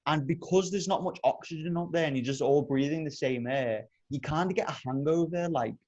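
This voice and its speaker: Young guy, co-host, sweary and animated storyteller, slightly high voice. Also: brisk, dull audio. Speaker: podcast co-host. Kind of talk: casual chat.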